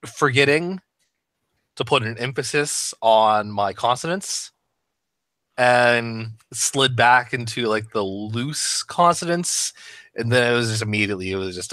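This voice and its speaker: A man who voices characters, talking shop in a casual podcast chat, animated and swearing freely. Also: medium pitch, a little slow, no echo. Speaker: voice actor discussing his roles.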